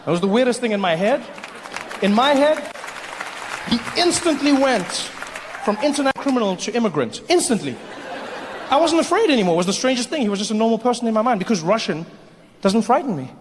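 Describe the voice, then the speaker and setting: Male comic, high and lively, performing in a big echoey theater. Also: brisk, long pauses, slight background noise. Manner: animated, acts out voices. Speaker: stand-up comedian. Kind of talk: stand-up comedy. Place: large live theater. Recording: echoey hall, faint crowd.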